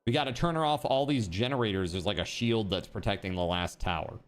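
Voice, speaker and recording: A male streamer with a fairly low voice chats easily with his viewers as he plays. His talk is loose and relaxed, full of small asides and frequent laughs. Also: fast talker. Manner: chatty and easygoing, laughs often, talks to chat. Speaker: game streamer. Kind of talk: casual live-stream chat while gaming.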